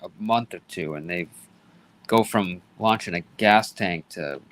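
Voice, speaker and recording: A man's voice: low-pitched, a little slow, fairly bright tone, slight background noise. A young man hosting a casual livestream chat, rambling, swearing often and getting easily irritated. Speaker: livestream host.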